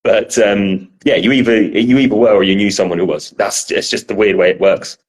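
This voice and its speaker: A man's voice: fairly low pitch, fairly even intonation, fairly quick. A man with a South London accent co-hosting a podcast in casual chat, teasing and self-deprecating, with some swearing. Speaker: podcast co-host.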